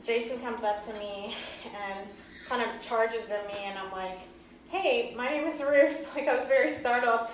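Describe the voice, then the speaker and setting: A woman's voice: a little high, steady tone, normal speed, a little hiss or hum. A woman in her thirties, earnest and often laughing, telling a personal story to an audience. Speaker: speaker giving a talk. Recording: echoey hall from far off.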